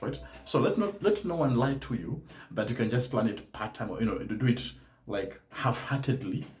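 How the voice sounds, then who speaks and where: A man's voice: medium pitch, darkish tone, reverberant. A man teaching German learners in a live-stream talk, speaking emphatically and often adding "right?" to his points. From Kenya. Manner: emphatic, tags statements with "right?".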